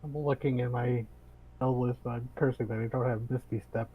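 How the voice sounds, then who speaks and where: A man playing a tabletop game over an online voice session, talking in a relaxed, joking way. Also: medium pitch, moderate pace, slightly rough, phone-quality sound. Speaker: player. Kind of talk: casual game talk.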